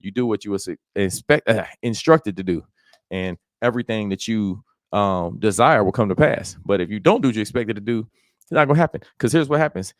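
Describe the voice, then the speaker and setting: Man in his 40s, low-ish dry voice, chatty livestream Bible teacher who keeps checking in with his listeners. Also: fairly quick, dry recording. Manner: conversational, colloquial, checks in with listeners often. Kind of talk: informal verse-by-verse Bible teaching.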